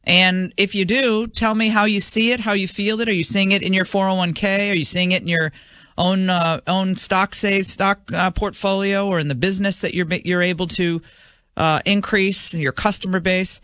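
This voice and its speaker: A woman hosts a talk radio show with a bright, forceful voice. She talks in a chatty, emphatic way, full of fillers. The sound is dry and a little muffled. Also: mid-range voice, steady tone, normal speed, clean tone, no echo. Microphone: studio microphone.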